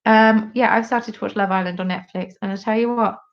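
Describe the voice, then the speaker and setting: A woman's voice: medium pitch, steady tone, fairly quick. Young British woman hosting a chatty live stream, self-mocking, slightly dull lo-fi sound. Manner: chatty and self-deprecating, reacting to viewer comments. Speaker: host of a live craft stream. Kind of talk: casual live-stream chat.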